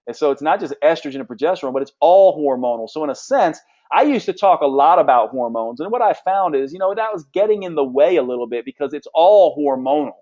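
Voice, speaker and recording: Forceful, blunt male health coach. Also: a little high, dull audio. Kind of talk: live training session answering questions.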